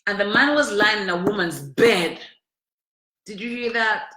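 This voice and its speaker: A woman's voice: mid-range voice, a little slow, sharp tone, slight background noise. A woman telling her own story to camera in an emphatic, repetitive, chatty way. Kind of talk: emotional personal testimony to camera. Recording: echoey room.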